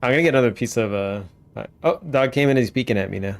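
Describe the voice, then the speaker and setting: A man's voice: medium pitch, rapid-fire, gravelly. A man streaming a game, casually thinking aloud and rambling between tasks. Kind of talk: casual gameplay commentary.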